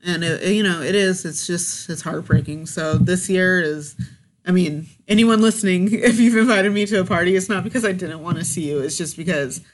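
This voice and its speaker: A woman's voice: fairly low pitch, normal speed. A woman co-hosting a podcast, talking candidly and emotionally in casual chat, often laughing. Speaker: podcast co-host.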